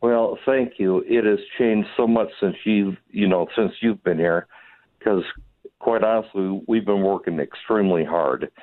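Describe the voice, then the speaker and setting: A man calling in by phone, hoarse from losing his voice, speaking enthusiastically with many halting fillers. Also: fairly low pitch. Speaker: phone guest, venue operator. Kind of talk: phone interview. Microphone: telephone. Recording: tinny phone line.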